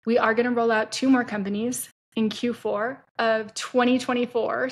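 A woman hosts her own solo podcast, speaking in a somewhat high voice. Her delivery stays fairly level, with little rise and fall. She talks candidly and casually, swearing freely. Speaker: podcast host and entrepreneur.

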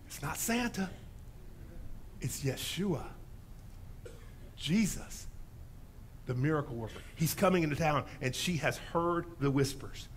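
A man preaching a sermon in a church, telling a story with lively animation and acting out the voices in it. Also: medium pitch, a little hiss or hum. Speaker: pastor.

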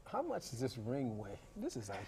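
A man's voice: mid-range voice, wildly swooping pitch, moderate pace, vocal fry, a little mellow, husky. A man co-anchoring a morning news show in a studio, laid-back and curious in the banter.

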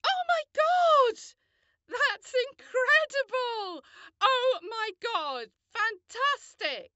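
Brief: an over-the-top shrieking panicker in a very high, sharp falsetto, slow and swooping. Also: male voice, animated, no room sound, dull audio, exaggerated voice. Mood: astonished. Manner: melodramatic wailing falsetto.

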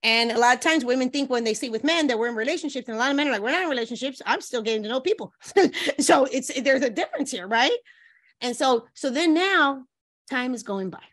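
High-voiced, animated woman relationship coach. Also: a little fast. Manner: lively, breaks into playful quoted voices. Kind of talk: animated advice chat with acted-out quotes.

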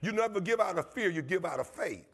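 A man's voice: sits high, lively intonation, quick pace, gravelly, fairly bright tone, slightly rough. A man pastor, preaching a passionate sermon in his church with call-and-response and repetition. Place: church sanctuary.

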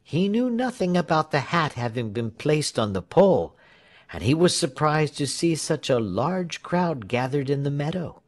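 A man reading a storybook aloud as narrator. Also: fairly high pitch. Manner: slow, lively storytelling with shifting character voices. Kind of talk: storybook reading with acted voices.

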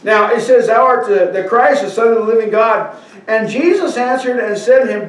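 In a church sanctuary, a pastor with a high-sitting voice preaches at a moderate pace. Scripture reading and questions to the congregation fill his sermon, and the recording is distant with the hall's echo.

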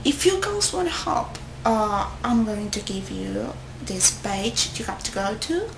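A young woman vlogging casually to her friends, rambling and excitable, often stopping to correct herself. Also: mid-range voice, measured pace, vocal fry, noisy background. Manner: rambling, excitable, with self-interruptions. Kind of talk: casual chat to camera. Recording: echoey room.

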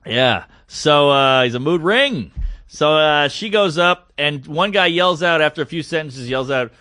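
A man's voice: on the high side, a little slow, no room sound, studio quality. A man telling stories on a casual comedy podcast, acting out the people in them as he goes. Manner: animated storyteller acting out quotes.

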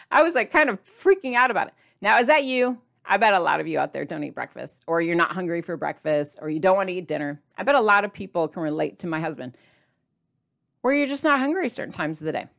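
A woman talking straight to her viewers in a casual vlog, chatty and playful, with sudden jumps in pitch for emphasis. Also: animated, fast, creaky. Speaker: diet vlogger addressing viewers.

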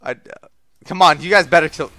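A young man giving profane play-by-play while gaming, muttering low and then yelling and trash-talking his teammates. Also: brisk, vocal fry, no room sound, studio quality. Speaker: gamer streaming his play. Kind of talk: profane gameplay commentary.

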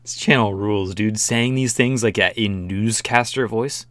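A man's voice: fairly low pitch, normal speed, a bit bright, a little hiss or hum. A man commenting casually on a video, joking, swearing and laughing often. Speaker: reaction video host.

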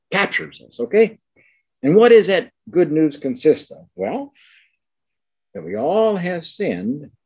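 Emphatic older male lecturer, lively pitch. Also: husky, highs cut off. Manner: emphatic, repeats key words, slows down for stress. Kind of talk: academic lecture.

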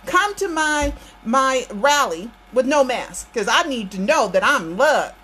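A woman's voice: high-pitched, lively intonation, unhurried, fairly bright tone, slight background noise, voice pushed up, rough recording. Woman quoting a vain male politician, needy and pleading, barely changed from her own voice.

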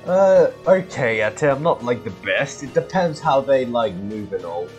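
A man talks his way through a horror game at an unhurried pace, his voice sitting at an ordinary middle pitch. He laughs often and breaks into panicky, repeated cries whenever something chases him. Faint game music runs underneath. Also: expressive, a little mellow, dull audio. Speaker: gaming video host. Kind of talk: casual let's-play commentary.

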